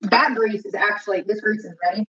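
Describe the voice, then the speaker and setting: A woman's voice: medium pitch, fairly quick, fairly bright tone, slightly rough, muffled recording. A woman vlogger telling a rambling, profane story while she cooks. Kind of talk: casual storytelling while cooking.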